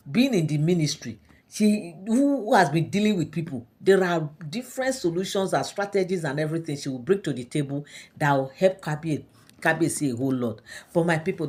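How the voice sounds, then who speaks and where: A Nigerian woman chats through a gossip story for her followers, sprinkling in fillers and local asides. Her speaking voice sits on the lower side for a woman. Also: darkish tone, breathy edge. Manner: chatty, full of fillers and Yoruba asides. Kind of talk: casual gossip narration.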